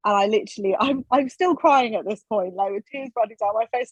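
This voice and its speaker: Brisk and fairly high-pitched, with a slightly rough quality, this woman is a guest on a podcast. She relates stories in casual chat, animatedly performing quoted lines, in a dry, slightly dull recording without room sound.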